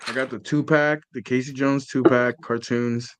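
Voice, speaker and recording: A man's voice: medium pitch, fairly even intonation, normal speed, a crowd in the background. A man co-hosting a casual toy-collecting chat, talking in a laid-back, rambling way and trailing off mid-sentence.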